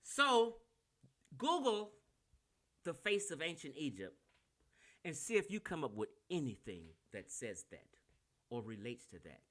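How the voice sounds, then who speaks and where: A man's voice: on the high side, big pitch swings, a little slow, pauses often, a bit bright. A man with a Californian accent giving a brash, combative and profane lecture on a livestream while sharing his screen. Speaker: online lecturer.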